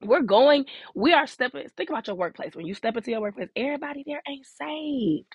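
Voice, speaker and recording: A woman hosting a devotional, preaching in a relaxed, folksy way and repeating her key lines for emphasis. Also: sits high, fairly quick, breathy edge, dry recording, lo-fi sound. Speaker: devotional host.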